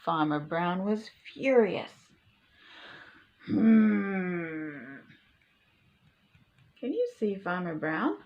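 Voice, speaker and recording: A woman reading a picture book aloud to children, pausing to ask the listener questions. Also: lowish voice, dull audio. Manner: slow, animated, asks the listener questions. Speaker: storytime reader.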